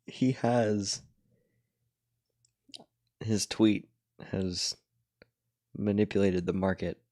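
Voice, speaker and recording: A man's voice: on the low side, steady tone, very slow, warm tone, dry recording, studio quality. A man chatting casually while drawing, retelling a cartoon episode in a laid-back, rambling way.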